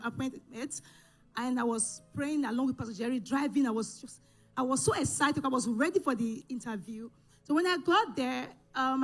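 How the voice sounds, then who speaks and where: Lady testifying at church, high voice, keeps restarting, faint music behind. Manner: halting storytelling with restarts and self-corrections. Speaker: church member giving testimony. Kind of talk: emotional personal testimony. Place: church service.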